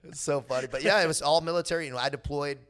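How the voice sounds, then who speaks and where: Racing along in a fairly high, somewhat bright voice with fairly even intonation, the young Californian guest recounts stories on a podcast. He's relaxed and slangy, saying "bro" and "dude" often and laughing frequently.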